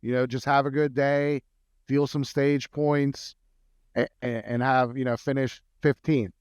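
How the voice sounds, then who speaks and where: A man with a smooth, clear voice breaks down betting angles on a casual podcast. He thinks aloud, restarting sentences as he goes. The recording is dry and close. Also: mid-range voice, flat delivery, a little slow, darkish tone, no room sound. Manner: analytical, many fillers and restarts. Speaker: podcast co-host, betting analyst. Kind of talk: casual sports betting chat.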